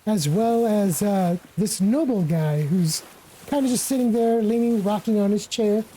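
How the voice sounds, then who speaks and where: A woman narrating as game master of a tabletop game, relaxed and full of casual fillers. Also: medium pitch, unhurried, slight background noise, poor audio. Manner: relaxed, with many fillers like "kinda" and "like".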